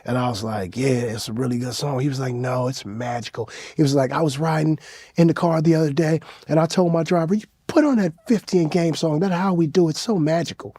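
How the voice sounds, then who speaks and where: A man's voice: fairly high pitch, fast, dark tone, breathy edge, no echo. Nonchalant man telling a story, dry sound. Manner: nonchalant, conversational. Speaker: interviewee. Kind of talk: casual anecdote.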